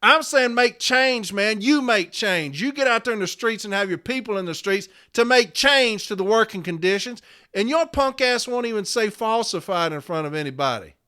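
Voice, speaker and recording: A man in his fifties who hosts a podcast and works as a letter carrier delivers a furious, profane, confrontational rant. His voice is high, animated and sharp-toned, moving at a moderate pace.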